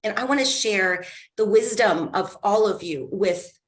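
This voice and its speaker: A woman's voice: mid-range voice, measured pace. A woman guest author on a podcast, speaking in a heartfelt, earnest way. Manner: heartfelt, earnest, faith-driven. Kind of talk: casual interview chat.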